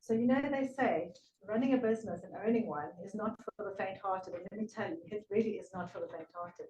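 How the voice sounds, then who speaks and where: A woman from South Africa with a South African accent, slightly British-tinged, giving a prepared speech at a speaking club, earnest with emphatic pauses. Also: medium pitch, dark tone. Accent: South African English with a slight British tinge. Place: meeting room. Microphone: room recording from a distance. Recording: echoey room from far off.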